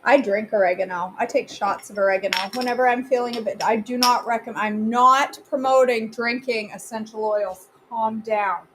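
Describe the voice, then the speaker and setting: Woman chatting thru a live cooking class in her kitchen, kinda high voice, answers comments. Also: fairly even intonation, normal speed, hardly any pauses, a bit bright, slight background noise, poor audio. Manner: chatty, replies to viewer comments. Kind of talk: casual live cooking stream.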